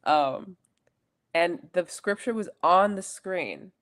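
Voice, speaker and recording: A woman's voice: lowish voice, slow. A young adult woman co-hosting a podcast, telling a personal story in a rambling, chatty way with self-corrections. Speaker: podcast co-host. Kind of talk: casual chat.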